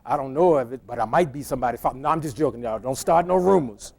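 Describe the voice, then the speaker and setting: A man's voice: medium pitch, fast, vocal fry, a little mellow. A middle-aged male pastor preaching by telling a humorous personal story in a conversational way, often stammering and restarting his words.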